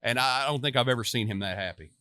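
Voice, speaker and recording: A man's voice: medium pitch, rapid-fire, bright, forceful tone, smooth, no echo. A middle-aged American man, a retired Marine, telling earnest, reflective stories as co-host of a casual chat show. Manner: earnest, reflective storytelling about leadership.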